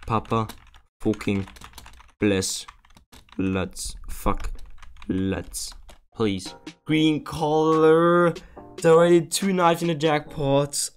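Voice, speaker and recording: A man's voice: medium pitch, level tone, slow, pauses often, faint music behind. A young man streaming online gambling, talking casually to viewers, often pleading and swearing in exasperation.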